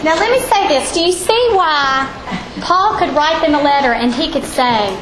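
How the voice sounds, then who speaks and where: A woman teaching a women's Bible study, telling the story with animated flair and then leading a prayer in a church room. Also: sits high, moderate pace. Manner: animated storytelling, acts out quoted voices. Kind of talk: Bible lesson and closing prayer. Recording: echoey room with faint background noise.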